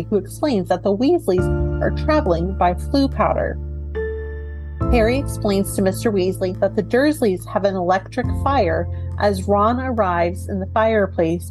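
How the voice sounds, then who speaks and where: A woman's voice: mid-range voice, low-quality recording. A woman co-hosting a podcast over a video call, reading out a plot summary and then chatting casually with laughs. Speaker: podcast co-host. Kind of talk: casual chat and chapter summary.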